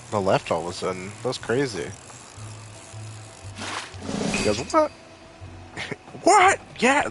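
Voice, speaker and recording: A man's voice: medium pitch, slight background noise, poor audio. A man chatting casually as he streams a game, rambling and joking and saying "like" a lot. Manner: rambling and jokey, leans on "like". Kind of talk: casual live-stream chatter while gaming.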